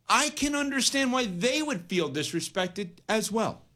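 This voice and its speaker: Emphatic higher-voiced man hosting sports radio. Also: very animated, a little slow, pushed and bright. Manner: emphatic, argues both sides.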